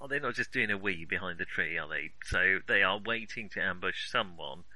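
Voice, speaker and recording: A man's voice: low-pitched, a little fast, no echo, poor audio. A man playing his character in a tabletop game, joking around and describing his moves. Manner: playful, lively. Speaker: player. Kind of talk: casual tabletop play.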